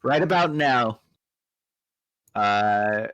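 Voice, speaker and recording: A man runs a tabletop game as game master. He reads room descriptions at a slow, easy pace with plenty of fillers. His voice has a middle pitch, and the sound is dry and close. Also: animated, a bit bright, no room sound.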